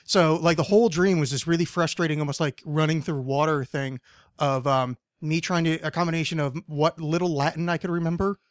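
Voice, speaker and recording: A man's voice: a little high, steady tone, a little fast, no echo. A man in his thirties hosting a podcast, telling a long rambling story full of swearing. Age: 30s. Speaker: podcast host. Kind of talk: casual chat.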